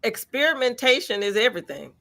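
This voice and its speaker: A woman, a featured artist, answering interview questions in a lively, encouraging way with everyday examples. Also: on the high side, a little fast.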